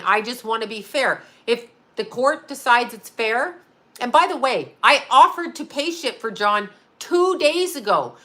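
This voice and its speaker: A woman in her fifties chats bluntly and profanely, breaking into laughter often. Her voice sits a little high and has a bright, sharp edge. She talks off the cuff, like a host speaking straight to her viewers. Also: expressive, moderate pace. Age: 50s. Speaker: psychic medium and astrologer. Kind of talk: casual livestream chat.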